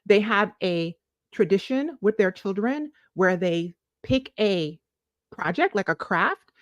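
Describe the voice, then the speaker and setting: A woman's voice: medium pitch, animated, slow pace, no room sound. A woman chatting to camera in a casual, preachy way, affectionately calling viewers "boo-boo" and drawing out words for emphasis. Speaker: lifestyle vlogger. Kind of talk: casual motivational chat to camera.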